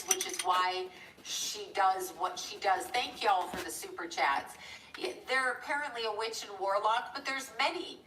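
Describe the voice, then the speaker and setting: A woman's voice: medium pitch, sharp tone, slight background noise. A middle-aged woman hosting a live stream, telling a rambling story in a chatty, digressive way and breaking off to thank viewers. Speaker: livestream host. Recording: echoey room, a bit far from the mic.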